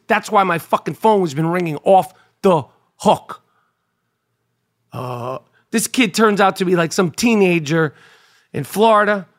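A man with a high-pitched voice talks through a casual solo monologue as a podcast host. He rambles and swears freely. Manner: profane, rambling storyteller. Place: New York.

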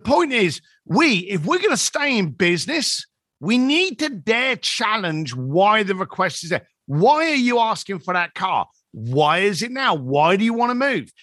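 Lively high-voiced man in his fifties. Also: dry recording, studio quality. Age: 50s. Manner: animated, acts out quoted dialogue. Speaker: guest, business coach. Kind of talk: conversational storytelling.

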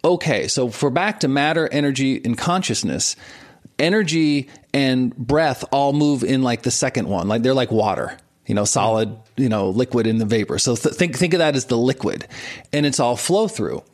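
A man in his forties, a guest on an interview show, teaching with lively examples and frequent laughter. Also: medium pitch, moderate pace. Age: 40s. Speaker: martial arts and meditation teacher, guest. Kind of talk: explanatory interview talk.

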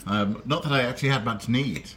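A man's voice: mid-range voice, a little fast, a bit bright, a little hiss or hum. A man from South London interviewing a guest over a meal, telling wry, self-deprecating stories. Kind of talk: casual chat over a meal. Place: dinner table. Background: clinking cutlery and dishes.

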